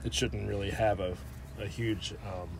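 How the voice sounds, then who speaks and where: A man's voice: on the low side, steady tone, normal speed, creaky, background noise. Joking New man talking beer. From New Jersey. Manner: joking, explains beer styles at length. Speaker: beer vlog co-host. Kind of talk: casual beer tasting chat.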